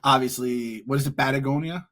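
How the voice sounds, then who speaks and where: A man's voice: medium pitch, a little fast. A man co-hosting a podcast, joking and laughing often as he tells stories in casual chat. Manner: jokey, laughs often, animated storytelling. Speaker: podcast co-host.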